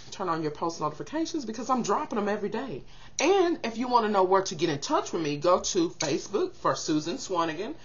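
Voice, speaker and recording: An older woman chatting casually to camera, giving zodiac advice in an animated, expressive way and acting out quotes. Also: mid-range voice, muffled recording, slight background noise.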